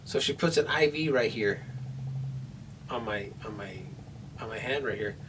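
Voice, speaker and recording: At normal speed and medium pitch, a post-surgery man vlogs from home, sore and in pain. His anxious, rambling account is full of restarts, recorded through a distant camera microphone with light background room noise.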